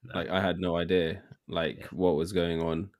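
A man hosting a podcast in casual chat, relaxed, laughing often as he prompts his guest. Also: sits low, moderate pace. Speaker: podcast host.

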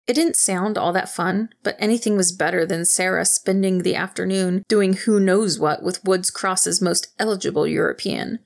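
A woman reading a novel aloud in steady, even storytelling narration. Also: mid-range voice, moderate pace, gravelly, hardly any pauses. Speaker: audiobook narrator. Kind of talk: scripted narration.

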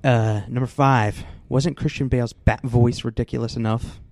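A man's voice: mid-range voice, steady tone, normal speed, a little mellow, no room sound. A man hosting a casual podcast, reading out a listener's list with wry laughs. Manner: wry, laughs often, reads a list aloud. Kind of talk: casual movie chat.

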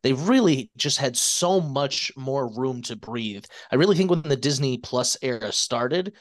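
A man with a mid-range voice chats as a podcast guest. He talks with enthusiasm and lively asides, animating his points as he goes. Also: medium pitch, unhurried. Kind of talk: casual podcast discussion.

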